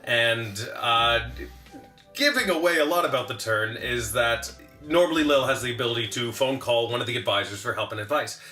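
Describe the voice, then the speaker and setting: A man, a game developer, chatting casually in a relaxed way and thinking aloud with some hesitation. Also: medium pitch, normal speed, echoey room, faint music behind. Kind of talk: casual chat.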